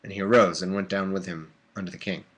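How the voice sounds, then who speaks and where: A man's voice: deep voice, fairly even intonation, fast, husky. A man casually reading aloud on a live stream, breaking off for sleepy, joking asides. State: drowsy. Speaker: host reading and commenting. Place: warm room at home.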